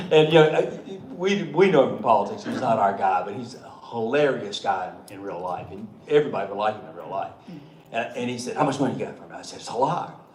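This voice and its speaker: Crowd noise surrounds a middle-aged state treasurer as he tells folksy, joking stories at a meeting, chuckling a lot. He speaks at normal speed in an expressive, medium-pitched voice, and the meeting hall sounds echoey with faint background noise.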